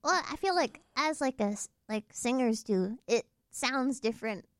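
Young woman, casual chatter, slightly high voice, dry close mic. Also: animated, moderate pace, dry recording. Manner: chatty, lots of fillers and laughter. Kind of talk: casual chat.

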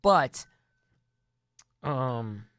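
A man's voice: mid-range voice, animated, extremely slow, fairly bright tone, no echo. A man giving casual wrestling news and opinions, earnest and rambling, often restarting his sentences. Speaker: wrestling commentary vlogger.

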